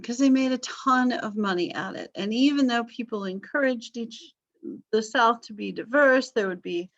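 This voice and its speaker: A woman's voice: on the high side, moderate pace, fairly bright tone, highs cut off. A middle-aged woman history teacher giving an online class lecture over a video call, chatty and informal with asides and fillers.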